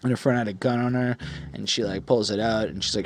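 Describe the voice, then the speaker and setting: A man's voice: lowish voice, quick pace, no echo. A young man hosting a podcast, reviewing an album in a rambling, casual way with lots of "like" fillers. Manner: rambling, heavy on "like" fillers, animated retelling.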